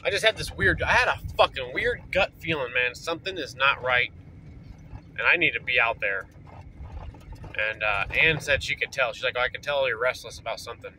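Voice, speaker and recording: A man's voice: mid-range voice, animated, moderate pace, bright, forceful tone, slight background noise, low-quality recording. A man telling a story casually, rambling and swearing, with lots of fillers, recorded in a parked vehicle. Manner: rambling, profane, full of fillers. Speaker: vlogger.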